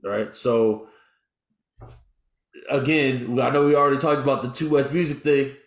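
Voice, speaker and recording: A man's voice: medium pitch, fairly even intonation, unhurried. A man co-hosting a music podcast, speaking hesitantly with many stammered restarts. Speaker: podcast co-host. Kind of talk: casual chat. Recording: echoey room.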